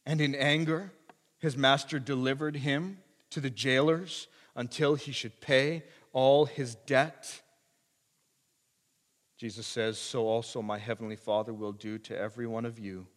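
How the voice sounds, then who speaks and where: A man preaching a sermon, moving from hushed asides to loud, emphatic passages. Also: medium pitch, steady tone, normal speed, big-room sound. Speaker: pastor.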